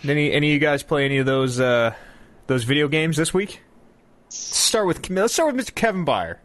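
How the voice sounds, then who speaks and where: A man hosting a casual podcast, joking around with rambling, quick asides. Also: on the high side, expressive, fairly bright tone, no echo. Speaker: podcast host. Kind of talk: casual chat. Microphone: remote call mic.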